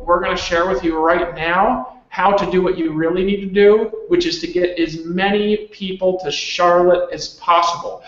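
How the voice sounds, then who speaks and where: A man leading a members' call, pushing listeners to act now in an insistent, repetitive motivational sales pitch. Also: roomy sound, dull audio. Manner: insistent, urgent, heavily repetitive. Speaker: company leader on a members' call.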